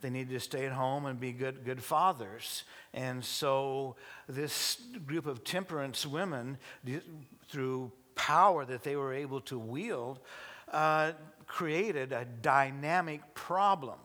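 Halting, joking male pastor. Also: mid-range voice, a bit bright. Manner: halting, many restarts, joking asides. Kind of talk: sermon. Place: church service before a congregation.

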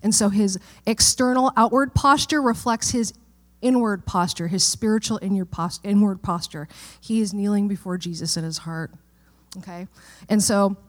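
A woman's voice: medium pitch, moderate pace. Conversational woman pastor preaching. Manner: conversational, checks in with the room. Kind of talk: sermon. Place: church.

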